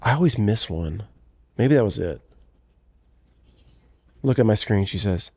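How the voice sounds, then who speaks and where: A man's voice: lowish voice, lively intonation, measured pace, dark tone, slightly rough, no echo. A man co-hosting a podcast in casual chat, rambling and correcting himself as he talks. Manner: rambling, self-correcting, chatty. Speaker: podcast co-host, country singer.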